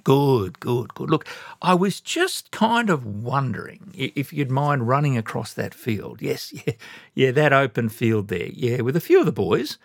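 A man's voice: medium pitch, sing-song, a little slow, gravelly, dry recording, studio quality, exaggerated voice. A man acting out a chatty, overly polite army captain who hesitates and rambles. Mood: awkwardly polite. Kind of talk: sermon illustration.

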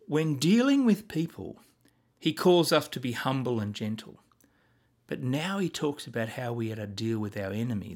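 A man preaching a sermon as a pastor, emphatic and full of rhetorical questions, reading scripture aloud. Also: mid-range voice.

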